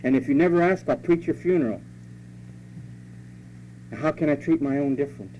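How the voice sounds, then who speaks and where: A man's voice: fairly high pitch, a little fast, mellow. A male pastor preaching a sermon emphatically, repeating key phrases and asking the congregation rhetorical questions. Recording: dull lo-fi sermon recording with faint hum.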